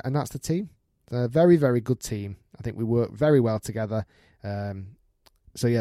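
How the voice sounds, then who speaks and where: Male podcast host, warm mellow tone, dry close sound, chatty and laughing while reading mail. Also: mid-range voice, no echo. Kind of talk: casual podcast monologue, reading listener email.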